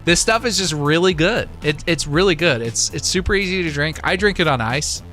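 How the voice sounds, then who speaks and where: A man's voice: a little high, lively intonation, brisk, pushed and bright, faint music behind. A man hosting a live stream in casual chat, easygoing and rambling with lots of fillers. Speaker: livestream host.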